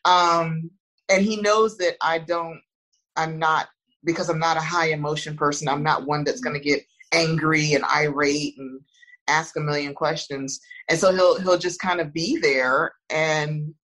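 Calm low-voiced woman, soothing. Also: unhurried, low-quality recording. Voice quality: soft, soothing voice. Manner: thoughtful, calm, frequent restarts and laughs. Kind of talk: casual conversational chat.

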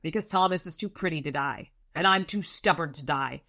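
A woman's voice: deep voice, a little fast, sharp tone, full character voice. A woman reading the lines of a stubborn, wounded wizard who gives firm, urgent orders in her own voice. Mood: forceful. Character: stubborn, wounded wizard man taking charge.

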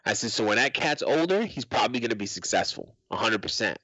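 A man's voice: mid-range voice, big pitch swings, fast, pushed and bright, breathy edge, dry recording, low-quality recording. A middle-aged man from Arizona telling a story in casual podcast chat, swearing freely and acting out the quotes. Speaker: podcast co-host.

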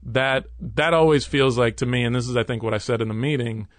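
A man as an interview guest, candidly recounting a workplace conflict in an earnest, halting way with many restarts. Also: medium pitch, dry recording.

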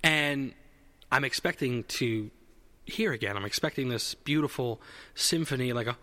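Bright-voiced man telling a rambling story. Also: medium pitch, moderate pace, in a large hall. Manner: rambling, self-correcting, swears freely. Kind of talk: casual comedic storytelling.

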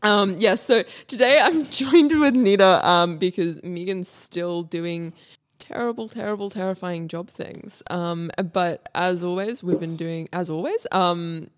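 A young woman hosts a relaxed podcast chat. She rambles, restarts her sentences and laughs at herself. Her tone is easygoing and self-deprecating. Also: on the low side, a little slow. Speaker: podcast host.

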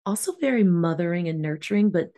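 A woman's voice: lowish voice, lively intonation, fast talker, mellow. A woman co-hosting a casual spiritual podcast chat, talking in an earnest, rambling way with lots of fillers. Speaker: podcast co-host.

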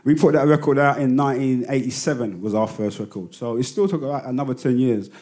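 A man from London in his fifties with a London accent, a rapper telling stories as a guest in a casual interview, animated, swearing freely and laughing often. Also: medium pitch, quick pace. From London, England.

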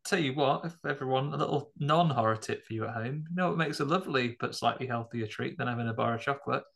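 Male co-host, gravelly voice, mid pitch, jokey and anecdotal. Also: fast talker, fairly bright tone. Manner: jokey, storytelling, offers asides. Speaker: podcast co-host. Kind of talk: casual film chat.

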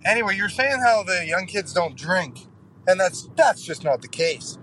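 A man's voice: high voice, very animated, normal speed, pushed and bright, a little hiss or hum, low-quality recording. A young man leaving a casual, rambling voicemail full of fillers and casual swearing. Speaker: voicemail caller.

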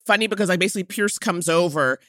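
A woman's voice: fairly low pitch, fast, a bit bright, dry recording, studio quality. A woman co-hosting a podcast, reviewing a TV movie in a casual, emphatic and opinionated way. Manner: emphatic and opinionated, mock-quoting characters. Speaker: podcast co-host.

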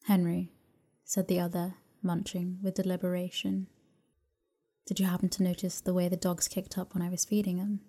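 A woman reading a classic novel aloud as a calm bedtime story, soft and unhurried, slipping into whispers at times. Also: fairly low pitch. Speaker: narrator.

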